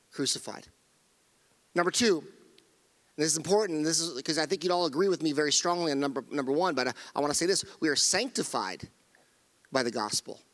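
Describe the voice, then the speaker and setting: A middle-aged male pastor delivers a sermon with earnest emphasis, stressing key phrases and restarting sentences as he builds his points. His voice sits a little high for a man. The sound carries the long reverb of a church sanctuary. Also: fairly bright tone.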